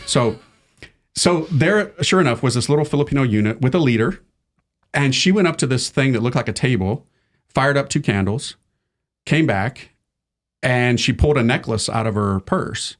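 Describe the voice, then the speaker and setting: A middle-aged man, a priest, tells an animated story as an interview guest, using casual slang, laughing often, and acting out the people in it. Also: medium pitch, normal speed.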